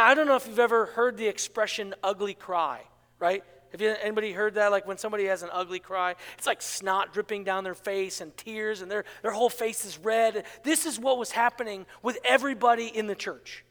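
A man preaching a sermon as pastor, swinging between loud, urgent passages and hushed, quiet lines. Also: very high-pitched. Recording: long hall reverb.

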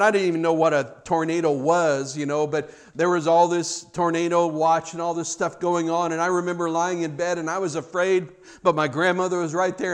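A man preaching a sermon, dramatic in delivery, rising to loud emphasis and dropping to a hushed near-whisper, with humorous asides. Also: a little high, clean tone. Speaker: pastor.

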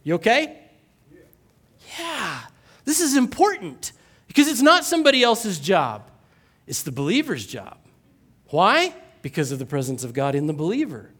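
A man preaching a sermon as pastor, repeating his points, asking the congregation questions and joking, rising and slowing on key words. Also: sits high, wildly swooping pitch, fairly bright tone, slightly rough.

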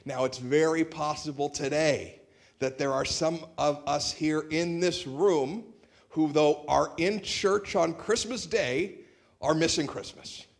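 A man preaching a sermon in a church, conversational and humorous, telling stories on a shared microphone. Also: sits high. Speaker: pastor. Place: church sanctuary.

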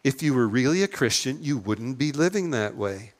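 A man's voice: mid-range voice, animated, normal speed. Plainspoken older male preacher. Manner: conversational, plainspoken, with rhetorical questions and small restarts. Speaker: pastor. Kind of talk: sermon.

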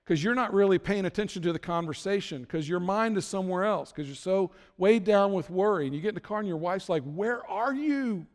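A man's voice: high-pitched, fast talker, hardly any pauses. A man preaching a sermon to his congregation, talking in an easy conversational way and acting out people's worried thoughts. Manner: conversational, acts out worried inner voices. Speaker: pastor. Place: large church hall. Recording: long hall reverb.

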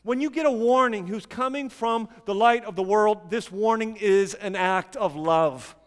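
A man preaching a sermon, emphatic at times and dropping to quiet intensity. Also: high-pitched, measured pace, clear, resonant tone, long reverb tail.

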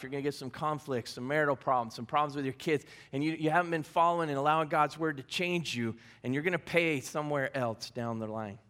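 A man's voice: a little high, fairly bright tone. A male pastor giving a sermon in a conversational way, repeating key phrases and adding light humor. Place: church service.

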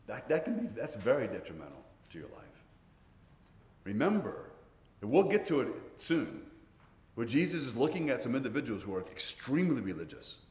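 A man's voice: mid-range voice, very animated, moderate pace, a little mellow. A man in his sixties, a pastor preaching a sermon in earnest, often repeating words as he restarts his sentences. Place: church. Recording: roomy church hall reverb.

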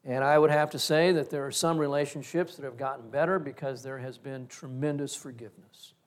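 A man's voice: medium pitch, fairly even intonation, a little fast. A middle-aged male pastor giving a reflective, story-driven sermon.

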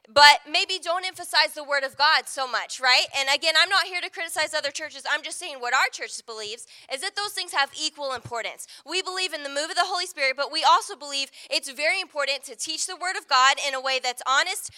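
A woman pastor delivers a sermon in a relaxed, conversational way. Her voice sits high and sounds very bright and sharp. She keeps turning to the congregation with quick asides. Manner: conversational, frequent "right?" asides.

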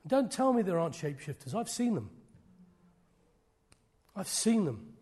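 A middle-aged man preaches with a high, husky voice. He swings between loud, fiery declarations and soft, breathy near-whispers. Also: sing-song, normal speed. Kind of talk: sermon.

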